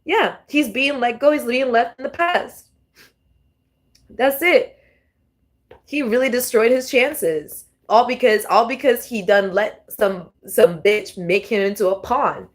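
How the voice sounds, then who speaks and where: A woman's voice: fairly high pitch, unhurried. A young adult woman doing a casual tarot reading vlog, talking straight to her viewers, swearing freely and laughing often. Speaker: tarot reader.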